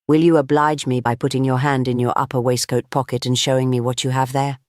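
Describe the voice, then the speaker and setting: A man reading an audiobook, voicing a huge, genial but commanding male anarchist chief who talks briskly with grand amusement. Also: medium pitch, flat delivery, darkish tone, no echo, clean studio sound, natural voice. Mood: mocking.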